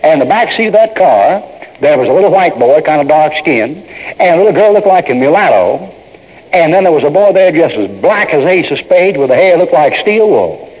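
Male preacher, emphatic folksy sermon delivery; high and lively pitch, muffled lo-fi recording with long reverb. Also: fairly quick. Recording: dull lo-fi sermon tape in a reverberant hall.

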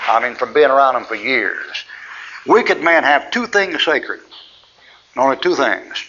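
A man's voice: medium pitch, lively intonation, measured pace, bright, forceful tone, highs cut off, slight background noise. A man preaching in a folksy, rambling way, teaching through anecdotes and chuckling often.

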